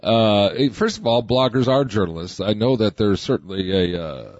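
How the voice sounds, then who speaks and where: A man's voice: on the low side, moderate pace, no echo, dull audio. A man co-hosting a political radio talk show, rambling and emphatic, often restarting. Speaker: co-host.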